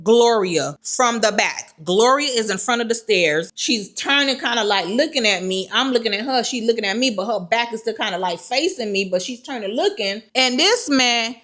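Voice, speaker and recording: A woman telling a personal story to camera in an animated, repetitive way. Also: a little high, moderate pace, hardly any pauses. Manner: animated, lively storytelling with repeated phrases.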